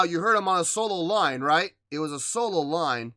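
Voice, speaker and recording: On a music reaction channel, the host talks through what he just heard in a casual, emphatic way, sometimes with a playful defiance. His voice sits a little high, moves at normal speed, and there's noise in the background.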